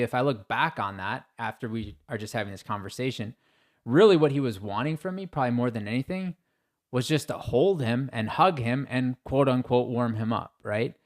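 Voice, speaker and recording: Candid, folksy male podcast host. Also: mid-range voice. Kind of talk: casual interview conversation.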